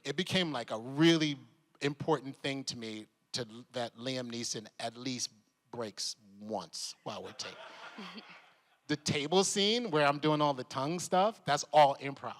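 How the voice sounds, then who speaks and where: A man telling stories at a convention panel, lively and laughing, acting out the voices of the people he quotes. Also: mid-range voice, unhurried. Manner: animated, laughing, acts out voices. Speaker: convention panel guest, actor. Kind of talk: animated storytelling at a convention panel. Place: convention hall. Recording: long hall reverb.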